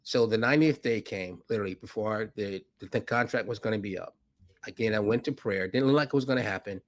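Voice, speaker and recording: A man, a podcast guest who is a financier, telling a story with animated delivery and acting out voices in it. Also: fast talker. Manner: acts out dialogue with rising pitch, laughs often.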